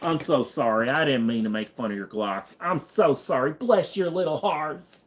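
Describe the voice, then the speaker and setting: A man's voice: medium pitch, animated, voice pushed up, close to an everyday voice. A man putting on a drawling Southern voice. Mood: mock-sympathetic. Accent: put-on Southern US. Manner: slow drawling mock sympathy. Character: syrupy Southern man, fake-apologetic.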